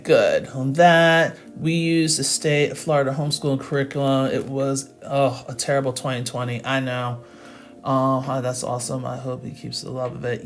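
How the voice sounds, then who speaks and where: A woman's voice: rumbling low, fairly bright tone. A middle-aged woman tutoring math in a casual livestream, chatting with viewers and laughing often.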